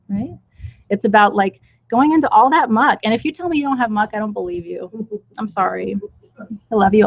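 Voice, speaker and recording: A woman's voice: medium pitch, dry recording. A woman teacher guides a live ritual in loose, conversational talk, blunt and candid with frank asides. Her voice sits in a middle register. The sound is dull and lo-fi, with a dry, close room. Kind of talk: casual live-stream talk. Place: indoors with a small group in the room.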